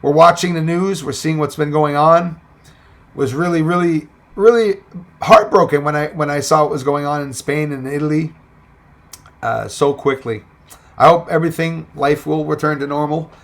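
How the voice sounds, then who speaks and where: A man chats loosely on a livestream, reading out viewer comments and greeting people one by one. His voice sits slightly high with a gravelly fry. He wanders from point to point in an easy, unscripted way. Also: steady tone, moderate pace. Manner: rambling, reads viewer comments aloud and greets them. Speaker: livestream host. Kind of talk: casual livestream chat.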